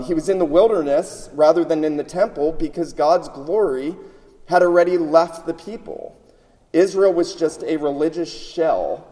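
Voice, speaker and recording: A man's voice: on the high side, dark tone. Man preaching in a reverberant hall. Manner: emphatic, repeats words while building points. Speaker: pastor. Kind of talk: sermon.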